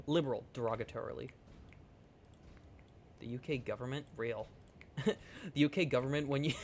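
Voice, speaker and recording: A man's voice: medium pitch, a little slow, pauses often. Guy streaming a game, goofy and rambly, jokes and swears, faint noise behind. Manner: playful, rambling, jokey, swears. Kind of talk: casual game livestream chat.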